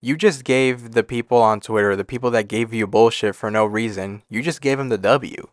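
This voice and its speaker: A man's voice: medium pitch, moderate pace, no room sound, clean studio sound. A man giving casual, blunt, profanity-heavy commentary on streamer drama. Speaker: commentary YouTuber.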